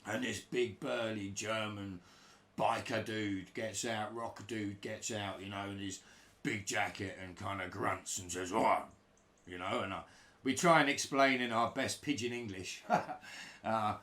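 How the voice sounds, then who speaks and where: A man's voice: on the low side, measured pace. A middle-aged man casually telling a road-trip anecdote, acting out other people's voices. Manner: animated, acts out broken-English voices of others. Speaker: storyteller recalling touring life.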